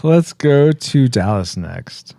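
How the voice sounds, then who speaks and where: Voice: medium pitch, very animated, slow pace, vocal fry, dark tone, dry recording, clean studio sound. A host moderating a movie podcast in casual chat, passing turns and laughing often.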